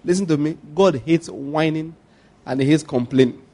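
A man preaching a sermon as pastor, telling animated stories and quizzing the congregation with call-and-response questions. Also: on the high side, normal speed.

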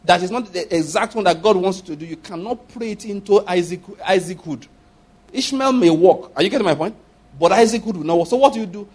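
A man preaching a sermon as a pastor, animated, repeating phrases and acting out prayers and dialogue. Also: sits high, a little fast, slightly rough. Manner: repeats phrases and asks the audience for agreement.

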